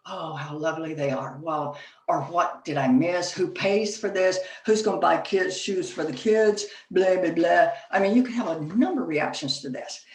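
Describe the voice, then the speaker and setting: A woman giving a workplace leadership presentation at a chapter meeting, talking conversationally and telling stories with frequent fillers. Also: mid-range voice. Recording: echoey room, distant from mic.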